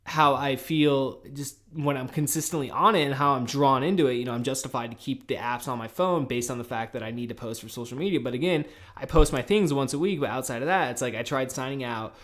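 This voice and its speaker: A podcast host in his early thirties, rambling casually and swearing a lot in a loose, animated monologue. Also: mid-range voice, a little fast, few pauses. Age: 30s. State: tired and a little high.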